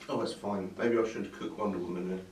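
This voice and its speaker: A man's voice: low voice, fairly even intonation, fast talker, darkish tone. A man hosting a tabletop game, chatting casually with lots of hesitant ums and jokes at his own expense. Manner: chatty, self-mocking, hesitant with many ums. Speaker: tabletop game player and host. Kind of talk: casual gameplay banter. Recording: roomy sound from a distant mic with some noise.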